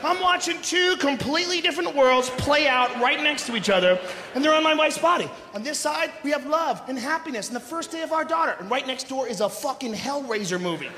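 Middle-aged guy doing stand-up, yelling crude punchlines, high-pitched voice, big echoey hall with crowd noise. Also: lively intonation, brisk. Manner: loud, profane, shouting punchlines. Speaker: stand-up comedian. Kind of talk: stand-up comedy routine. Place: large theater stage before a live audience.

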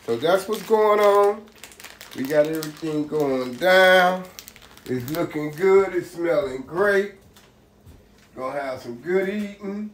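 A man with a slightly high voice speaks slowly as he casually presents his home cooking, calling viewers "y'all" in a relaxed manner. He's a home cook vlogger in his roomy kitchen, where faint background ambience can be heard.

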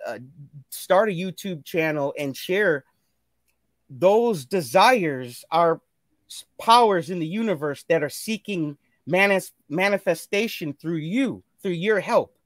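On a live stream call, a male guest with a fairly high voice gives an animated, motivational casual chat, taking it slowly. He's earnest and preachy, circling back to the same phrases and points again and again. The recording is dry and close, with no room echo.

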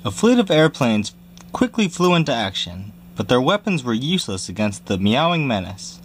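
A man reading a children's picture book aloud in a lively storytelling manner, jumping high for squeaky cries. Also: normal speed, slight background noise. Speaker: reader.

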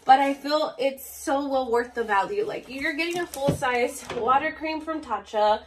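A woman's voice: sits high, normal speed, noisy background. A woman with a Spanish accent, a native Spanish speaker, chatting casually and gushingly as she unboxes beauty products. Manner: bubbly, gushing, laughs often. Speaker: beauty vlogger.

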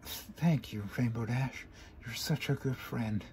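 A man voicing a shy, gentle female pony who speaks softly and tearfully in a fan story reading. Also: mid-range voice, a little slow, a little hiss or hum, natural voice. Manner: soft, timid, sobbing.

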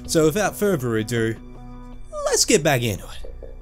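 A man's voice: mid-range voice, animated, normal speed, soft background music. A man commentating his playthrough of a game, joking, swearing and doing silly voices. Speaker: gaming channel host. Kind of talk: let's play commentary.

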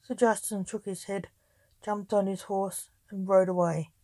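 A woman reading her own story aloud as narration, in a calm and even way. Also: medium pitch, unhurried, no room sound.

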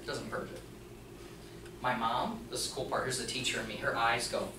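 A man giving a live training presentation to an audience, telling a story in an animated way and acting out the dialogue. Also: mid-range voice, normal speed, crowd noise. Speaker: workplace trainer and mechanic. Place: meeting room at a hospital. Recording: roomy echo, distant mic.

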